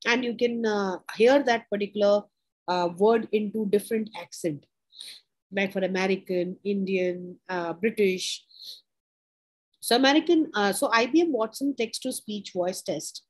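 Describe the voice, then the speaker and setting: Husky-voiced woman lecturing with frequent "uh". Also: medium pitch, poor audio. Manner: explains in repeated short phrases, checks with "right?"; pauses with frequent "uh". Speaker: teacher. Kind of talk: informal lecture.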